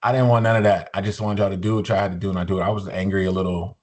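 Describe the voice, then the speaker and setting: A man in his forties, a podcast guest, telling his story in a relaxed, joking way, full of "you know" and easy fillers. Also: deep voice, racing. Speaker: podcast guest, musician and motivational speaker. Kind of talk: casual storytelling interview.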